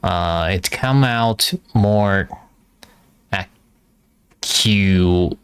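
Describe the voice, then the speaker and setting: A man reading aloud for practice, halting and hesitant, repeating words as he sounds them out. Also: low voice, fairly even intonation, fairly bright tone, dry recording. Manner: frequent filler hesitations. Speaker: language learner reading aloud. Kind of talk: reading practice with pronunciation drills.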